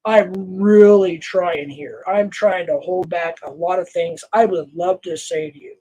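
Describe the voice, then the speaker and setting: A man's voice: sits high, mellow, rough recording. Heated older man scolding his stream chat. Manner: heated, scolding, halting restarts. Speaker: livestream host. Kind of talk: angry livestream rant to chat.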